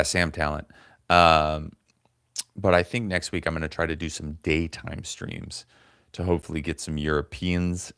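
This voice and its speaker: A man's voice: very deep voice, clear, resonant tone, no echo, clean studio sound. A man in his forties hosting a casual livestream, rambling and swearing as he grumbles to his chat. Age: 40s. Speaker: comedian livestream host.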